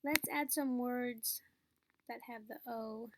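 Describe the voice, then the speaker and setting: Female teacher, high voice, unhurried and patient, explaining each step. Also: steady tone, noisy background. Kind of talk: phonics lesson.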